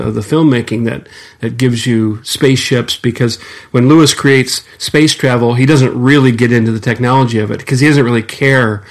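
Halting man with many fillers. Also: mid-range voice. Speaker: podcast co-host. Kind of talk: casual discussion.

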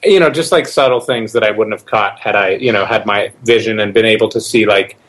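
A man's voice: on the low side, brisk, fairly bright tone, poor audio. A man talking casually on a podcast, an actor who rambles with fillers and jokes. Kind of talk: casual joking chat.

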